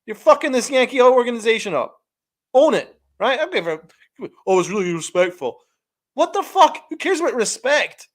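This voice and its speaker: A man's voice: extremely high pitch, animated, fairly quick. A man co-hosting a podcast, ranting with heavy profanity and mocking scorn. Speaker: podcast co-host. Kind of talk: heated casual podcast chat.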